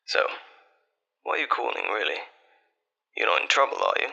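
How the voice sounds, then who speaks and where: A man in a whispered role-play as a boyfriend on a late-night call, soft, tender and reassuring, with breathy whispering. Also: on the low side, huge pitch swings, moderate pace, pauses often, low-quality recording. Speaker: ASMR artist.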